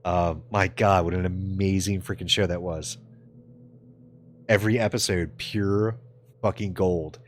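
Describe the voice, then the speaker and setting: A man's voice: deep voice, steady tone, measured pace, pauses often, slight background noise. A man live-streaming in casual chat, answering his viewers with loose, profane jokes and frequent laughter.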